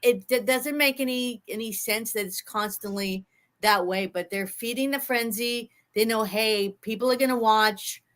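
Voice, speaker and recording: A woman's voice: fairly high pitch, fairly bright tone. Earnest woman co-hosting a football chat. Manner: earnest and opinionated, halting with restarts. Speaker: sports podcast co-host. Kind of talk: casual sports chat.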